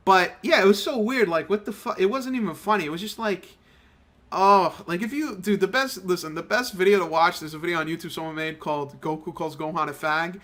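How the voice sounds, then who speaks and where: A young man with a high, fairly quick, fairly bright voice rambles through casual, profane commentary while playing a mobile game. He hosts a gaming channel, and this is a laid-back let's-play.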